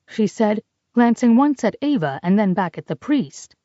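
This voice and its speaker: Brief: female audiobook narrator, steady pace, muffled close studio sound. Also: medium pitch, no echo. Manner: measured, steady storytelling. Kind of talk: scripted narration. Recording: slightly dull dry recording.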